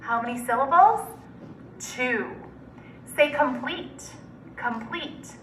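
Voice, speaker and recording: Woman teacher, high voice, slow word-by-word phonics drill, recorded from a distance with faint background noise. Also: animated, fairly bright tone, roomy sound. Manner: slow, deliberate word-by-word enunciation.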